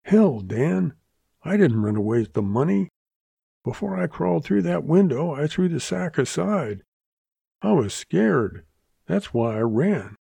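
A stammering, guilt-ridden country doctor, as a storyteller puts him on, pitched a bit higher than the narration. He pleads earnestly, with a gravelly edge, dry and close. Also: animated, measured pace, dark tone, no echo, heavily acted. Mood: pleading. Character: frightened middle-aged male country doctor, guilty and earnest.

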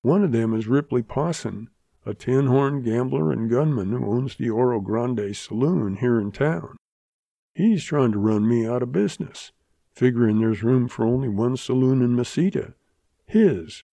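A man voicing a scheming, ruthless saloon owner and rancher in a Western audiobook, gruff and blunt. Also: medium pitch, moderate pace, mellow, no echo.

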